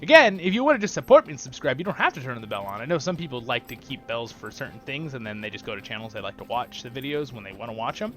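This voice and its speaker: A man's voice: medium pitch, sing-song, fast, hardly any pauses, sharp tone, soft background music. A man hosting a gaming channel, chatting enthusiastically and rambling while he plays. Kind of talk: casual gameplay commentary.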